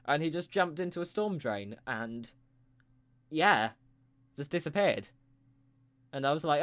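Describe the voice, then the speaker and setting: A man's voice: on the high side, expressive, a little slow, pauses often, fairly bright tone. A man telling a rambling improvised comic story with playful, self-mocking asides.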